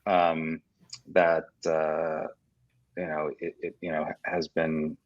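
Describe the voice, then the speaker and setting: A man talking casually as a guest in an interview, relaxed and rambling, with lots of fillers and restarts. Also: a bass voice, slow, no room sound, lo-fi sound. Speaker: guest, whiskey portfolio director. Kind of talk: casual video-call interview.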